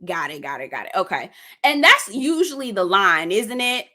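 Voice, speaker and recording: A woman's voice: mid-range voice, normal speed. Sassy woman chatting to her live viewers. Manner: animated, sassy, talks straight to her viewers. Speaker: host of a live gossip show. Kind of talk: casual live-stream commentary.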